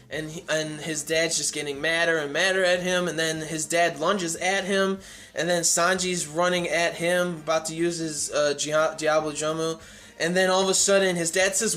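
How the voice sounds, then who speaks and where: Casual male reviewer, a bit high-pitched, loose and rambling delivery. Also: steady tone, moderate pace, a bit bright, soft background music. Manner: rambling, many "like" fillers and restarts. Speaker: manga chapter reviewer. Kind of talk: casual chapter review vlog.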